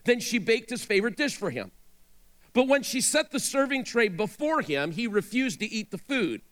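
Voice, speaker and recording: A male pastor preaches in a high voice that swings up and down with strong animation. He tells the scripture story dramatically and breaks off now and then to speak straight to his listeners. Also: big pitch swings, moderate pace, a bit bright. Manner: dramatic storytelling, asides to the audience. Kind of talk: sermon.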